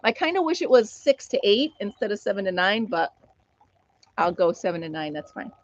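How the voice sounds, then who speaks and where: A woman's voice: medium pitch, big pitch swings, fairly quick, no room sound, muffled recording. A middle-aged American woman hosting a casual live stream chat, telling a funny story and laughing often as she reads viewer comments.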